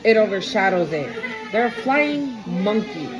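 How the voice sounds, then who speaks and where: A woman's voice: mid-range voice, big pitch swings, a little slow, music in the background, rough recording. A woman giving a casual tarot reading, blunt, emphatic and full of swearing. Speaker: tarot reader.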